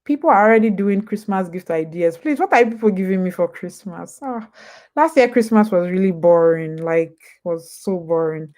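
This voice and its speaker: A woman's voice: on the low side, normal speed, a little mellow. A young woman with a Nigerian accent hosting a casual live stream with advice, chatty and digressive, jumping back and forth between topics. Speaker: host.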